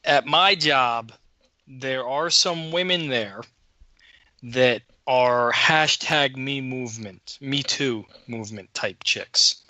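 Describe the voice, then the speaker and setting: A man's voice: mid-range voice, slow pace, sharp tone, no room sound. A man co-hosting a podcast, telling a story in a casual, profane, worked-up way. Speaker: podcast co-host.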